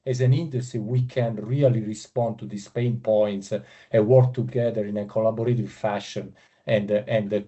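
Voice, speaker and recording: A man's voice: lowish voice, dark tone. A middle-aged man with an Italian accent, telling a story during a webinar over a video call, emphatic and repeating words for effect. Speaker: industry veteran attendee. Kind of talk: webinar remarks.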